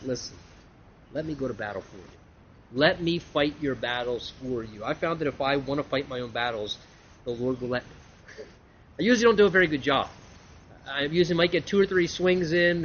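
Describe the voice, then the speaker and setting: Male preacher, animated sermon delivery, slightly high voice, muffled lo-fi recording with faint hiss. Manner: animated, acts out quoted voices with big pitch swings. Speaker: pastor. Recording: muffled, lo-fi sound with faint background noise.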